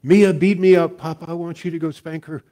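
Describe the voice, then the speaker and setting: A man's voice: on the high side, fairly even intonation, brisk, mellow, voice pushed up, lightly acted. A man voicing his crying little granddaughter tattling on her sister, in a whiny, pleading tone.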